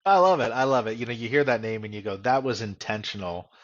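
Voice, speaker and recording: A man's voice: mid-range voice, expressive, racing. Upbeat male podcast host, dull audio. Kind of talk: casual podcast interview.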